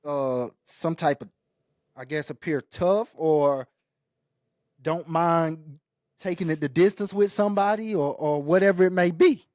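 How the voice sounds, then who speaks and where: A man co-hosting a casual podcast, talking in halting bursts and restarting his words. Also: a little high, a little mellow, no room sound, clean studio sound. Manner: halting, stumbles and repeats words. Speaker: co-host.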